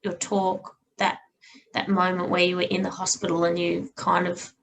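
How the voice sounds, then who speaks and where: A woman hosting a podcast, giving short encouraging affirmations and asking halting questions. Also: fairly low pitch, monotone, vocal fry, a bit bright, a little hiss or hum, low-quality recording. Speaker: podcast host. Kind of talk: interview questions and backchannel.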